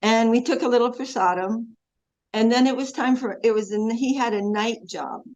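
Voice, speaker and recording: Over dull, lo-fi video call audio, a woman spiritual teacher leads an earnest devotional class. Her voice is fairly high and a little mellow, at a normal speed, as she tells stories and quotes many prayers.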